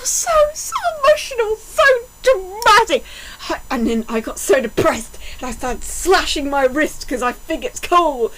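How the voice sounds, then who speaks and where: A woman's voice: high voice, fairly bright tone, low-quality recording. A woman reading a bad story aloud for comedy, sliding between mock-dramatic reading and snarky, sarcastic asides. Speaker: fanfiction reader. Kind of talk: comedic mocking read-aloud.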